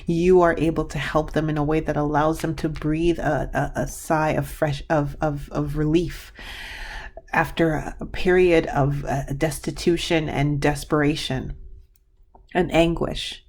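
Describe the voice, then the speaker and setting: A woman's voice: deep voice, level tone, a little slow, a little mellow. A woman giving a pick-a-card reading to her viewers, rambling and gushing, with many restarts. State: tearful. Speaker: tarot card reader.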